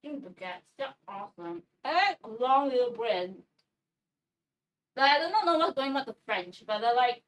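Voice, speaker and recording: Baking in her home kitchen, a woman rambles through a casual livestream chat, swearing plenty along the way. Her voice sits on the high side and sounds animated at a moderate pace. A distant mic catches her along with faint background noise.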